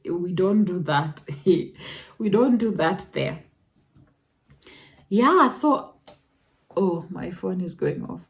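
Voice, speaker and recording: A young Kenyan woman with a Kenyan accent, telling her own story in a reflective, emotional way that jumps to high exclamations. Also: lively intonation, takes it slowly, creaky, long pauses. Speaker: vlogger. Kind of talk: personal storytelling.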